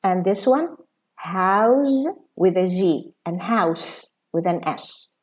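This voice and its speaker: Slow-paced woman teaching pronunciation. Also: lowish voice, lively intonation, dark tone. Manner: slow and deliberate, with frequent uh fillers. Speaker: professor of English and translation. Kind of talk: pronunciation lesson.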